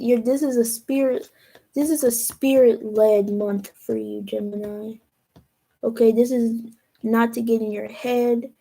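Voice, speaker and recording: A young woman with a mellow, fairly high voice gives a casual tarot reading. She talks slowly and thoughtfully, trailing off mid-sentence and starting over as she works through the cards. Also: vocal fry, low-quality recording. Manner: slow, musing, trails off and restarts. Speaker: tarot reader.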